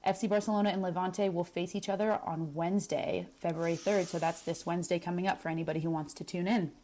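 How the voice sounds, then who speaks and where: A young woman co-hosting a women's football podcast, giving a brisk news roundup. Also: on the low side, fairly even intonation, warm tone, a little hiss or hum. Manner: brisk, news-reader delivery. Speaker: podcast co-host.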